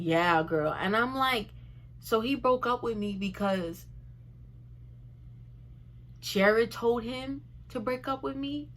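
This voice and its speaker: A young woman telling a storytime in a chatty, animated way, often addressing her viewers directly. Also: medium pitch. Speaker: vlogger. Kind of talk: casual storytime vlog.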